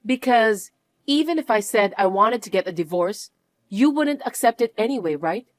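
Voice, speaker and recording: An actress playing a wronged young wife who answers with cool, firm defiance. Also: female voice, mid-range voice, animated, moderate pace, no room sound, close to an everyday voice. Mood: defiant. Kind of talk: narrated drama acting.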